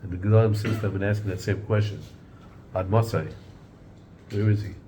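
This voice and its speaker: A man's voice: lowish voice, fairly even intonation, fairly quick, dark tone, slight background noise. A man teaching an informal Torah class in a conversational way, often repeating and restarting words and mixing in Hebrew and Yiddish terms.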